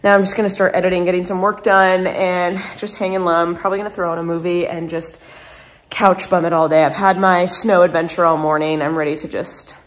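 A young woman talking casually to the camera for her vlog, chatty and excitable, full of fillers. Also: on the low side, brisk. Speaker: vlogger.

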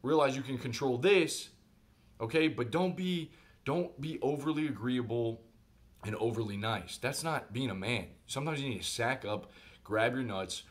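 A man telling a personal story in a casual vlog monologue, animated and conversational, speaking directly to his viewers. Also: mid-range voice, normal speed. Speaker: vlogger.

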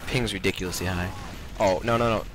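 Joking young man from Boston, low voice. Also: steady tone, quick pace, music in the background, poor audio. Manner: joking, teasing banter. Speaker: gamer recording his channel. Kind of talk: casual gameplay chat.

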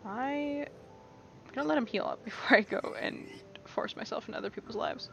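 A woman's voice: a little high, fairly quick, gravelly, fairly bright tone, soft background music. Playful young woman narrating gameplay. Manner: playful, rambling, self-reassuring chatter. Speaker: gameplay streamer. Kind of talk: casual let's-play commentary. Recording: dull lo-fi mic with faint hiss.

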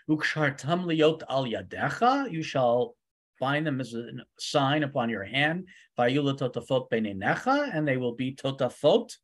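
A man teaches a weekly Torah study class in a voice of ordinary pitch. He reads Hebrew verses aloud, translates them line by line, and fills the gaps with frequent ums and uhs. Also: a bit bright.

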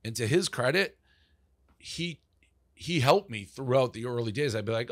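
A man's voice: medium pitch, moderate pace, no room sound, studio quality. A man talking as a podcast guest about founding his company, rambling and profane, with lots of "like" fillers. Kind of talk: casual interview storytelling.

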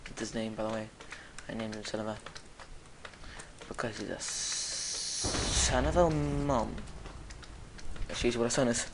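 A young gamer mutters quietly to themselves during gameplay and breaks into loud yells and shrieks at enemies. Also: medium pitch, little pitch movement, quick pace, long pauses, noisy background. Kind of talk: gameplay commentary.

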